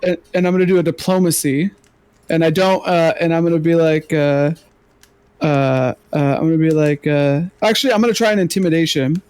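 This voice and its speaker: A man's voice: fairly high pitch, fairly quick, a little mellow, smooth, no room sound. A man playing a tabletop game who talks hesitantly, with many fillers. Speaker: player.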